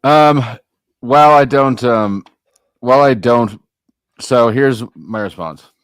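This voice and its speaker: A man hosting a casual livestream chat, rambling and halting with many fillers. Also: mid-range voice, clear, resonant tone, no echo, clean studio sound. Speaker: stream host.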